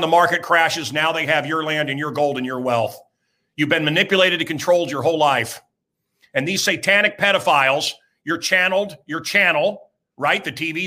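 A man in his sixties hosting a talk show, his voice pitched high with a hard, piercing edge. He rants in an emphatic, rambling monologue, repeating lines for effect. The delivery is crude and at times breaks into shouting. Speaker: radio host.

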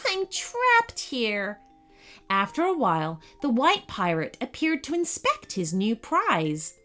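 Slow, expressive woman storyteller. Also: fairly high pitch. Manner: slow, expressive, animated reading. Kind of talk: children's bedtime story narration. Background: faint music.

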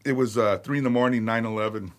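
A middle-aged man, a metal singer telling stories as a podcast guest, animated, laughing and swearing freely. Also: mid-range voice, quick pace. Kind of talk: casual storytelling chat. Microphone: podcast studio mic.

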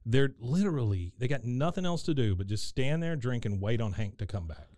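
A man's voice: medium pitch, expressive, brisk, warm tone, dry recording. A man hosting a casual recap chat, telling the story in a meandering way, full of fillers. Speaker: podcast host.

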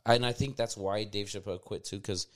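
Guy with a lowish voice chatting casually, swears a lot, acts out quotes with big jumps up. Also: brisk. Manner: animated storyteller, acts out quotes loudly; swears freely. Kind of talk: casual chat.

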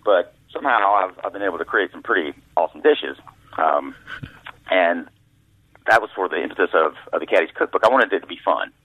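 A man's voice: low voice, expressive, a little fast, breathy edge, dry recording. A man telling folksy anecdotes as a guest in an interview, acting out other people's voices, heard over a dry, tinny phone line. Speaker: guest author, former caddy. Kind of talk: storytelling interview.

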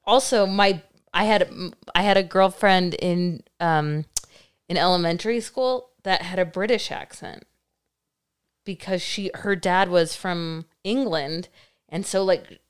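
A woman's voice: lowish voice, measured pace, clear, resonant tone. A woman co-hosting a relationship podcast in an easygoing, hesitant way, chatting casually. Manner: easygoing, hesitant, laughs often. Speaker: podcast co-host. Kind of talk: casual chat.

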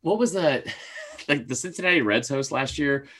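A man's voice: mid-range voice, normal speed, pushed and bright, slight background noise. A man co-hosting a casual podcast, telling a story in a rambling way, with lots of filler words and casual swearing. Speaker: podcast co-host.

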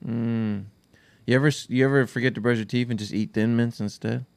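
A man's voice: mid-range voice, fairly quick, creaky. A young man co-hosting a podcast, chatting casually, laughing often and filling his talk with "like". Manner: animated, laughs often, lots of "like". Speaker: podcast co-host. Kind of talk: casual chat.

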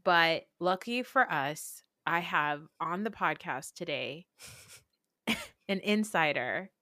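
A woman's voice: fairly low pitch, lively intonation, takes it slowly, pushed and bright, no room sound. Woman podcast host, casual, giggly, drops swears, close dry sound. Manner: laughs often, swears casually. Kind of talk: casual chat.

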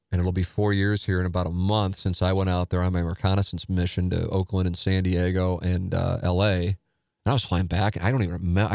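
A man hosting a podcast, talking casually in an animated, rambling way with many fillers. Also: on the low side, dry recording, clean studio sound. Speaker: podcast host. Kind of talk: casual solo podcast talk. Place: studio.

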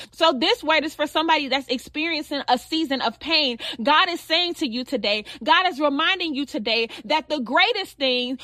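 High bright woman preaching earnestly. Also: no echo. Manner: earnest, preaching with repetition and direct address. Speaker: podcast host and preacher. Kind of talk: devotional sermon.

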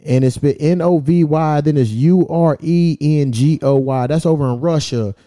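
A man's voice: fairly high pitch, normal speed, warm tone. A man hosting a casual podcast, talking loosely and swearing as he reads out where his listeners are. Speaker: podcast host. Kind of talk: casual chat.

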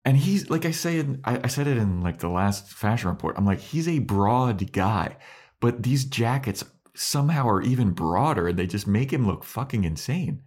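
A man's voice: mid-range voice, expressive, moderate pace, darkish tone, slightly rough. A man co-hosting a podcast, casually recapping a TV episode, swearing often and acting out characters' lines. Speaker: podcast co-host.

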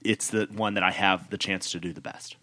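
A man's voice: low-pitched, fairly even intonation, brisk, bright, forceful tone, no echo, studio quality. A young man hosting a casual podcast, joking around and reading listener questions aloud to his friends. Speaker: podcast host.

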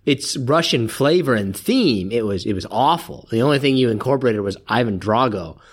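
Lively, teasing male podcast co-host. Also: medium pitch, normal speed, husky. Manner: blunt and teasing. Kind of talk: casual chat.

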